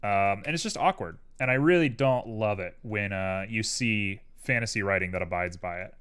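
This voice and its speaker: A man's voice: lowish voice, moderate pace, smooth. A young man streaming live while he works on a 3D model, chatting casually and wandering off on tangents. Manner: rambling, tangential, animated. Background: keyboard clicks and typing.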